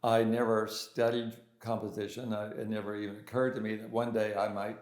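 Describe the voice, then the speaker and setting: A man's voice: lowish voice, little pitch movement, a little fast, a little mellow. An older man, a pianist and composer, being interviewed and telling his story in a casual, hesitant way with many restarts and fillers. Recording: roomy echo.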